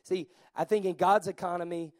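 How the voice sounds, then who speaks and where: A pastor preaching to his congregation in a high, bright-sitting voice. He is animated, swinging from soft asides to loud calls, and often repeats words as he goes. The sound is dry and close. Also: brisk, no echo. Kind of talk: sermon. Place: church service.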